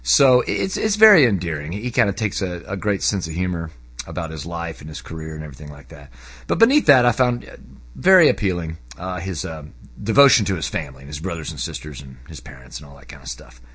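Guy chatting about a book, kinda low voice, rambly with tons of fillers, gets loud and excited now and then. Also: quick pace, slightly rough. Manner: animated, voice jumps up when excited. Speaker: book reviewer. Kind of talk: casual spoken book review.

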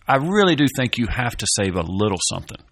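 A man talking casually as a guest musician, easygoing and friendly, with halting restarts. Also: medium pitch, sing-song, fairly bright tone. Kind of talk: casual conversation.

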